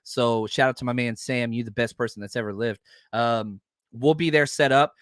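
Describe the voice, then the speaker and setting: A man's voice: medium pitch, steady tone, normal speed, a bit bright, smooth, no echo, studio quality. A man hosting a sports podcast, talking casually and ranting heatedly with plenty of profanity. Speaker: podcast host.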